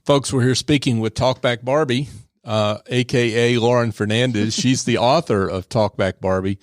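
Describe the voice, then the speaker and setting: A male radio host introduces his guest and then sums up her points in an affirming tone. His voice sits in a middle pitch, recorded close and dry in a studio. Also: steady tone, moderate pace, no room sound. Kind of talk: radio interview.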